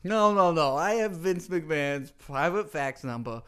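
Brief: man playing a brash crude referee, cocky, slightly high voice, comic podcast bit. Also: lively intonation, unhurried, smooth. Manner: cocky, crude, bursts into loud sung cries. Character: brash boastful male wrestling referee, impression. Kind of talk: comedy podcast improv bit.

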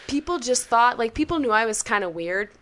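A woman's voice: on the high side, expressive, a little fast, bright, forceful tone. Chatty woman guest. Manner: chatty and self-deprecating. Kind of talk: casual chat.

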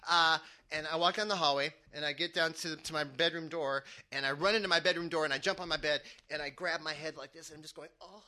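A man telling a lively personal story to an audience, chuckling as he goes. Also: sits high. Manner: animated, chuckling through his own story.

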